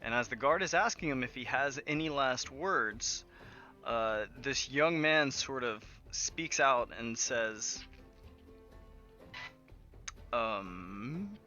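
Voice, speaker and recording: A man's voice: medium pitch, slow pace, pushed and bright, highs cut off, soft background music. A man narrating a tabletop game as game master in a casual, laughing way with many fillers, over an online voice call.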